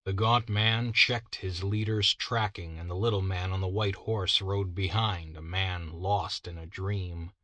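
A man narrating a classic story as an audiobook reader, in a measured, deliberate way. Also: deep voice, steady tone, sharp tone, no room sound.

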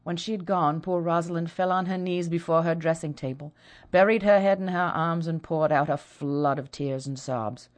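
A woman's voice: deep voice, steady tone, moderate pace. A woman narrating a period story as an audiobook, reading expressively. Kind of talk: scripted narration.

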